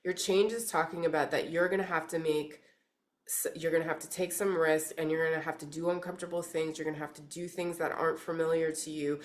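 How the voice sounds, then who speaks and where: Woman, lowish voice, chatty spiritual reader; rambling, gushing, emphatic. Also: flat delivery, quick pace. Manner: gushing and rambling, heavy use of "like" and "freaking"; emphatic, urging the listener. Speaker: intuitive card reader. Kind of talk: casual spiritual reading to camera.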